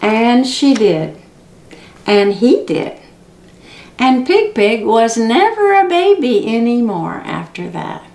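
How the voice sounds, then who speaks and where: A woman's voice: a little high, very animated, slow, a little mellow, echoey room. A woman reading picture books and singing animal songs for preschoolers at a library story time, playful and sing-song. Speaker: children's librarian. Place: library room.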